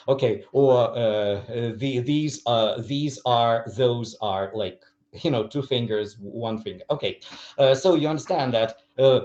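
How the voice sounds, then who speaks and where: Ukrainian-accented male teacher trainer, slow and lively, drills phrases with big intonation swings, muffled lo-fi sound. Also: mid-range voice. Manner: repeats example phrases with exaggerated intonation, asks "clear?". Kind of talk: lecture to teachers.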